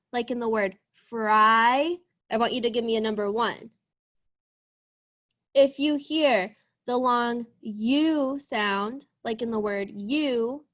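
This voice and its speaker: A young woman leads an early reading lesson over a video call, her voice pitched a little high. She speaks slowly and stretches out each sound, praising the children as she goes. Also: a bit bright. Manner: slow, encouraging, drawn-out sounds. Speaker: teacher. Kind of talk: online class lesson.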